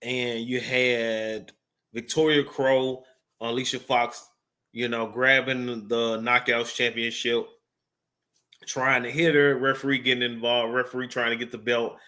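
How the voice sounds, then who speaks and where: Man, bright forceful tone, casual off-the-cuff review, rambling, profane. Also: medium pitch, level tone, unhurried. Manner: rambling, profane, filler-heavy. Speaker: wrestling show reviewer.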